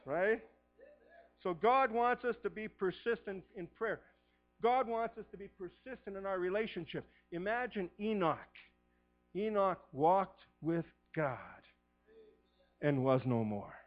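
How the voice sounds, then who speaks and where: Middle-aged pastor guy preaching hard, goes from near-whisper to yelling, slightly high voice, dull lo-fi sound. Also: animated, normal speed. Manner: fervent preaching, swinging from hushed to shouting. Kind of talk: sermon.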